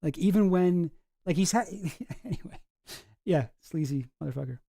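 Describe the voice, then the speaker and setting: A streamer chatting casually on a live stream, excitable, laughing often and swearing freely. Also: medium pitch, normal speed, gravelly. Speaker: streamer reacting to a clip.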